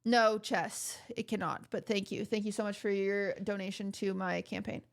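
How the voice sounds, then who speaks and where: A woman's voice: mid-range voice, steady tone, normal speed, creaky. A young woman streaming from home, chatting with her viewers in a rambling, joking, mock-outraged way. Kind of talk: casual chat with chat viewers.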